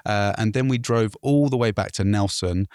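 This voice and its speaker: A man from England telling a travel story on a podcast, animated and laughing, swearing now and then. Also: on the low side, normal speed, clear, resonant tone, dry recording, studio quality. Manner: animated, laughing, swears, puts on voices for others.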